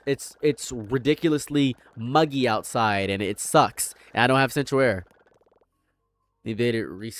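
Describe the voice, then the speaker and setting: A man streaming a commentary rant, blunt and sarcastic, swearing freely and repeating his points over and over. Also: mid-range voice.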